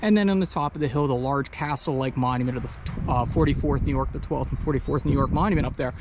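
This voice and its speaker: A man guiding an outdoor battlefield tour on a hillside talks through the history calmly and plainly, captured on an action camera he's wearing. He has a mid-range voice, and there is background noise.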